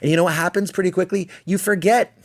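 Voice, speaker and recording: A man's voice: high-pitched, fairly even intonation, fast talker, slight background noise. Profane, rambling male podcast host. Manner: swears constantly, rambling, self-mocking; slips into voicing people in his anecdotes. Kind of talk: profane storytelling monologue.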